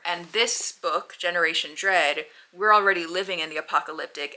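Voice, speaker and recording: A woman's voice: low voice, vocal fry, pushed and bright. A woman book vlogger chatting casually to camera in a playful, self-deprecating way.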